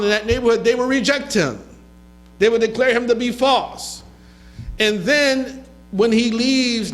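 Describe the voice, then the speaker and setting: A man's voice: high voice, a bit bright, rough recording. A man giving a lecture in a mosque, reading Arabic texts and translating them into English with loose spoken asides. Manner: reads hadith in Arabic and translates into English, with asides and a quick laugh.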